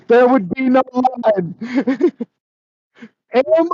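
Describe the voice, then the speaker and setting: Man, high voice, emphatic argumentative chat with swearing, muffled dry recording. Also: normal speed, dry recording. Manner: emphatic, argumentative, swears, calls others bro. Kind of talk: casual chat.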